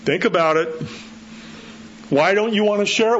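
A middle-aged man preaching in a loose, conversational sermon, his voice leaping up in pitch when he presses a point. The recording sounds slightly dull and muffled, with a faint hiss of noise underneath. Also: moderate pace, pauses often. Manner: conversational, animated, acts out quotes with rising pitch. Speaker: pastor.

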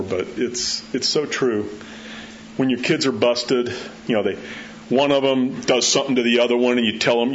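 Animated middle-aged preacher, conversational. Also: male voice. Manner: conversational, animated, acts out quotes with rising pitch. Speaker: pastor. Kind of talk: sermon. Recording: slightly dull sound with faint background noise.

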